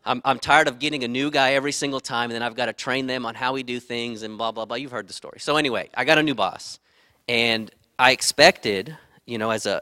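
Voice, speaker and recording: A middle-aged man telling a personal story, candid and rambling, stumbling over repeated words. His bright, clear voice sits in a dry, close recording. His tone drops to quiet asides and rises to loud, heated bursts. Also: medium pitch, no room sound.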